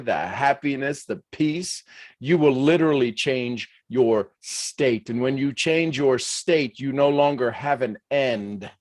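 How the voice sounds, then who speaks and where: A man from the United States, hosting a motivational livestream and speaking in an animated, emphatic way with frequent chuckles. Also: medium pitch, no room sound. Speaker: host.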